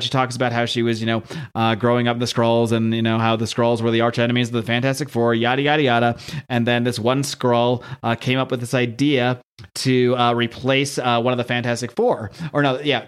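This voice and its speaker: A man talks quickly and loosely through a comic book recap, in a steady mid-range voice. He laughs now and then and slips into voices for the characters' lines. It is a casual podcast chat. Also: medium pitch. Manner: fast, chatty, laughs often, reads comic lines in voices.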